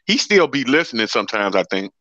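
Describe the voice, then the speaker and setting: A man's voice: mid-range voice, big pitch swings, quick pace, bright, forceful tone, dry recording. A man co-hosting a podcast in casual chat, talking laid-back slang and saying "bro" over and over. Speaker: podcast co-host. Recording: dull lo-fi dry sound.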